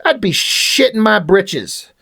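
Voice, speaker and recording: A man's voice: high-pitched, big pitch swings, slow, creaky, bright, forceful tone, slightly rough. A man reviewing a comic book in a casual rant, sarcastic, exasperated and full of swearing.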